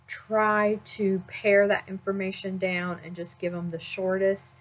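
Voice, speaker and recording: A woman teaching a nursing class in a conversational lecture style, often pausing with "um" and checking in with "all right?". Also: medium pitch, little pitch movement, muffled recording. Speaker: nursing instructor. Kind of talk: recorded lecture.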